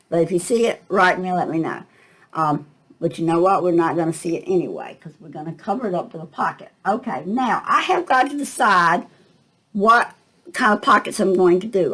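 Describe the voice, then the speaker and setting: Older lady doing a craft tutorial, chatty, thinks out loud, bit of a cough. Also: medium pitch, slightly rough, poor audio. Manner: chatty, thinking aloud with fillers. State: coughing at times.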